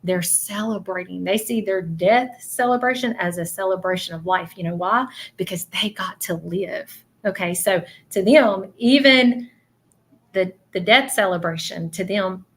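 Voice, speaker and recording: A woman's voice: mid-range voice, a little slow, fairly bright tone. A woman giving a psychic reading to viewers on a livestream. She talks earnestly and often checks in with "okay?". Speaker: psychic medium.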